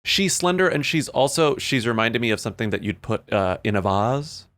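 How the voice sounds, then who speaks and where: A man's voice: mid-range voice, expressive, moderate pace, fairly bright tone. A man appearing as a podcast guest in casual chat, hesitant and musing, with many fillers and restarts.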